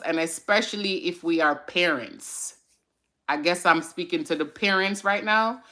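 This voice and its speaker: A woman's voice: fairly low pitch, pushed and bright. A woman hosting a casual live-stream chat on mental health, chatty and encouraging. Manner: chatty and encouraging, with fillers and side remarks to viewers. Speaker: host of a mental health segment.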